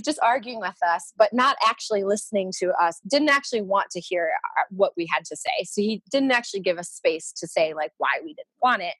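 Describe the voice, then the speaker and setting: A woman's voice: medium pitch, brisk, hardly any pauses, dry recording. A woman guest chatting casually, telling a story with lots of laughter and acting out what others said. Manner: animated, laughs often, acts out quoted voices. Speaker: podcast guest.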